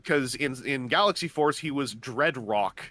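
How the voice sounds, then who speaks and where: A man's voice: medium pitch, expressive, measured pace, bright, forceful tone, dry recording. A man chatting casually on a gaming stream, explaining at length with lots of fillers and restarts. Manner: rambling, enthusiastic explainer, many fillers and restarts.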